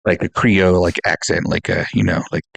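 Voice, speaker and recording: A laid-back man co-hosts a film podcast with short replies and lots of fillers. His voice is very deep and gravelly, recorded dry and close. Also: steady tone, brisk, a bit bright, no room sound. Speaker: podcast co-host. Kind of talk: casual chat.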